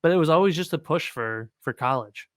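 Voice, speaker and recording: A man hosting a podcast, relaxed and chatty, telling stories with quick reactions. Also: a little high, no echo. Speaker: podcast host. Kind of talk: casual podcast conversation.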